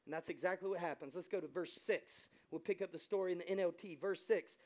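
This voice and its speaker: Male pastor, american accent, fervent sermon delivery, acts out quoted voices, high voice. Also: quick pace. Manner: fervent, swinging from soft asides to loud exclamations.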